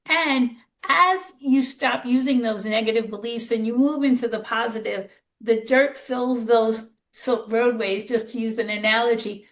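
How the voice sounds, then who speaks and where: A woman podcast host with a fairly high voice, chatting in a candid, conversational way. She shares her own experiences openly and pokes a little fun at herself. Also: measured pace. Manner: chatty, candid, self-deprecating. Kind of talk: podcast interview.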